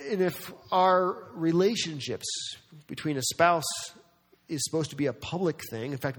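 A man with a slightly raised voice preaches a sermon in a church sanctuary. He is emphatic, throws out rhetorical questions and acts out the people he quotes. A long reverb trails every phrase. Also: a little high. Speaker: pastor.

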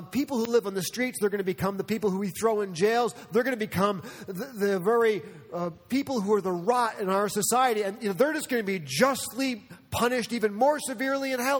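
Man doing a loud, high, scoffing mocker, sarcastic, echo of a long hall. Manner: sarcastic, laughing scorn. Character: sneering man mocking unwanted children.

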